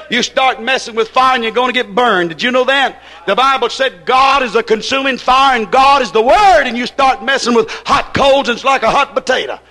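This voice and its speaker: A man's voice: extremely high pitch, bright, forceful tone. A man preaching a sermon in a folksy, emphatic way, retelling a conversation with one "I said" after another.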